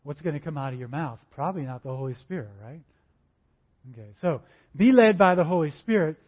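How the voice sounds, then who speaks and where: A man preaching a sermon, conversational and animated, acting out little dialogues in different voices. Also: a little high, brisk. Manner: acts out dialogues in varied voices. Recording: dull lo-fi recording.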